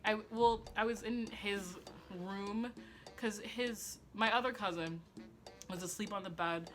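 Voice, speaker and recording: A woman's voice: medium pitch, fairly bright tone. A young woman telling a personal story in a casual, profane way, with lots of "like" and laughter at herself. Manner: chatty and profane, heavy use of "like"; self-mocking, laughing at herself. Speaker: vlogger.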